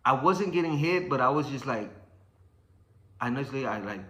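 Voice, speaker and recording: A man's voice: medium pitch, normal speed, reverberant. A young man telling a story in casual speech, swearing often and acting out sounds and what people said. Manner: swearing, animated, acts out sounds and quotes.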